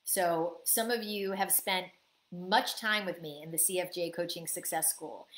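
A woman's voice: on the low side, a little slow, fairly bright tone, reverberant. A woman business coach giving a live online coaching talk, answering chat questions and acting out little quoted exchanges.

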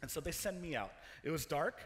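A young man preaching in a chapel, telling a story with animated energy, laughing and restarting his sentences as he goes. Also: a little high, a little fast. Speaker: chapel speaker. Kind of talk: storytelling sermon. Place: large chapel hall. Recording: long hall reverb.

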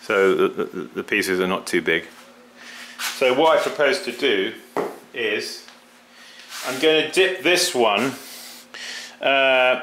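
Bright-toned man demonstrating pottery glazing. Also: mid-range voice, a little hiss or hum. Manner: halting, repeats words, talks while working. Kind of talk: casual workshop demonstration.

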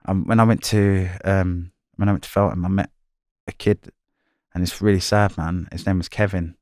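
A man's voice: sits low, fairly even intonation, moderate pace, darkish tone, smooth, no room sound, studio quality. A man telling his life story in an interview, blunt and slangy, swearing and repeating himself. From London.

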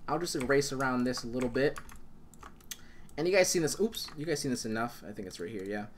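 A young man hosting a casual software tutorial, rambling and enthusiastic, full of fillers and restarts. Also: medium pitch, lively intonation, a little fast, a little hiss or hum. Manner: rambling, enthusiastic, many fillers and self-corrections. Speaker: tutorial host.

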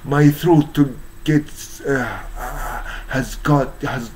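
A man with a Japanese accent, hoarse from strain, giving a halting monologue full of fillers and restarts. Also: medium pitch, fairly even intonation, a little hiss or hum, poor audio. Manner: halting, many fillers and restarts, searching for English words. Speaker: YouTuber. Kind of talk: slow rambling monologue.

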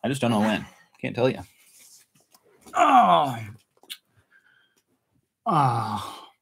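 A man's voice: mid-range voice, sing-song, drawn-out words, creaky, a bit bright, husky, poor audio. A man hosting a casual live stream from home, chatty and self-mocking, laughing often. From United States. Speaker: channel host.

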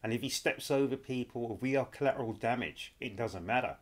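A man's voice: medium pitch, fairly quick. A middle-aged man hosting a reaction video. He talks straight to his viewers, repeats himself for emphasis and keeps calling them guys and people. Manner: animated, repetitive, addresses viewers as guys and people. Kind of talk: reacting to a clip, commentary.

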